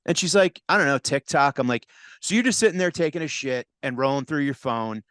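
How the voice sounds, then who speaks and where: A man's voice: medium pitch, a little fast, smooth, no room sound, studio quality. A man, a comedian hosting a podcast, telling stage stories in a casual chat and acting out voices. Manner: animated storyteller, acts out voices.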